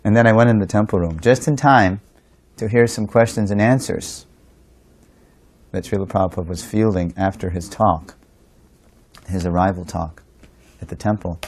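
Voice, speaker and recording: A man thoughtfully recounts a memory of his spiritual teacher with a somewhat low voice. He explains carefully and often rephrases to get the meaning right. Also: moderate pace, pauses often, darkish tone. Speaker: disciple sharing memories. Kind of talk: storytelling reminiscence.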